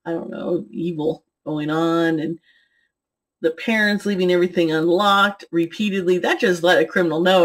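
A woman's voice: fairly low pitch, normal speed, a bit bright. A middle-aged woman talking to her viewers in a rambling, chatty vlog, giggling and jumping between topics as she reviews lipstick. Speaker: beauty and tarot vlogger. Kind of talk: rambling casual vlog chat.

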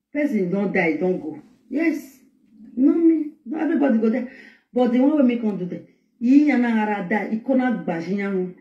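A woman's voice: a little high, a little mellow, recorded from a distance. A woman with a Nigerian Pidgin accent telling an emotional personal story on a live stream, acting out what people said. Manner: emotional storytelling with quoted dialogue. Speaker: guest speaker. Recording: echoey, dull audio.

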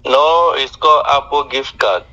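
A man's voice: medium pitch, a little slow, pushed and bright. A man on a phone call who keeps pleading with her to hold on and listen. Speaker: scam caller. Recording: muffled phone line.

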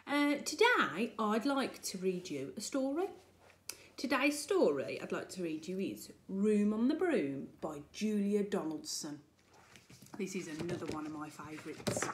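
Woman, primary school teacher, storybook reading for kids, animated, slow, lively pitch. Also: a little hiss or hum. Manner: animated, expressive read-aloud delivery. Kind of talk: reading a picture book aloud to children. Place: home-recorded remote lesson video.

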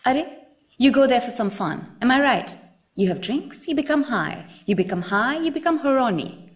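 A woman reading aloud as a chatty, leering male bar patron, lecturing vigorously and swinging his pitch up and down as he boasts. He peppers his talk with local slang, and the reading stays lively throughout. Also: moderate pace. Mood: boastful. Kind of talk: reading a book passage aloud.

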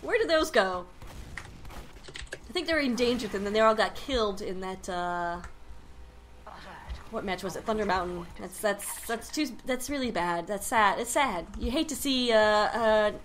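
A woman's voice: medium pitch, animated, normal speed, a bit bright, a little hiss or hum. A woman casting a video game match, joking and riffing between plays. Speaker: esports commentator. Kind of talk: casual game commentary.

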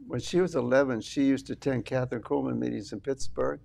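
An older man with a gravelly, mid-pitched voice tells an earnest family story as a guest on an interview show. He slips into the voices of the people in the story as he retells what they said. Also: fairly even intonation, fast, a little mellow. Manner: earnest, retells quoted dialogue. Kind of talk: storytelling testimony.

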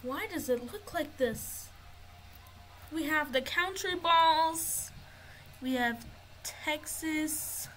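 A woman's voice: sits high, drawn-out words, pauses often, a bit bright, a little hiss or hum, low-quality recording. A woman giving casual gameplay commentary, narrating what she finds as she explores. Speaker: gamer.

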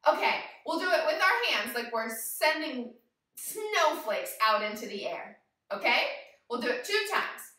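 Bright-voiced woman guiding little kids through yoga, sing-song and slow, heard in a roomy space. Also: sits high, far from the mic. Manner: animated, sing-song, talks directly to young children. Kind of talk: playful kids yoga lesson.

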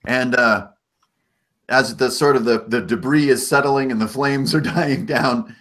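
A man's voice: medium pitch, a little slow. Laid-back man running a tabletop game. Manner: relaxed and conversational, with hedges like "sort of" and "kind of". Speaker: game master.

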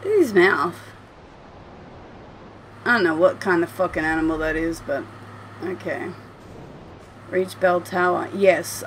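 A woman's voice: on the low side, unhurried, pauses often, slight background noise. A woman commentating her gameplay at home, chatty and swearing freely as she talks to the game. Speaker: gameplay streamer. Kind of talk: let's play commentary.

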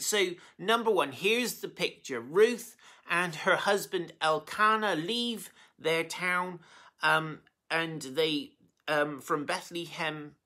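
A preacher retelling a Bible story in a chatty sermon, with frequent fillers and restarts. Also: mid-range voice. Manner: conversational and lively, with many fillers and restarts, acting out quotes. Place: church meeting room.

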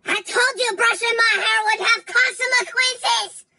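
A man's voice: very high-pitched, fairly even intonation, measured pace, vocal fry, raised voice, heavy background noise, exaggerated voice. A man voicing a goofy, childlike, overdramatic adult in a comedy sketch, prone to shrieking outbursts. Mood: silly. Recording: background music under voice.

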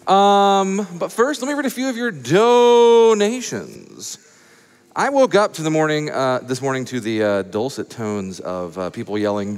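A man's voice: medium pitch, clean tone. A man from Atlanta, hosting a live charity event on stage in front of a crowd with playful, showy emcee patter. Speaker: marathon host. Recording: long hall reverb.

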